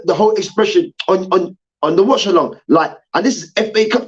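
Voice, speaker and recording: A man on a sports debate show delivers a heated, profane rant. His voice sits a little high, and he hammers his points home through repetition. The recording sounds muffled and lo-fi. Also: fairly quick, few pauses. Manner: animated, profane, repeats his points for emphasis.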